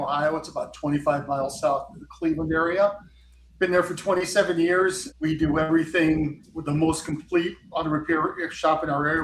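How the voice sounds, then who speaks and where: Fairly high-voiced man, echoey room. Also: a little hiss or hum. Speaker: panel guest, repair shop owner. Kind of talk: casual podcast interview.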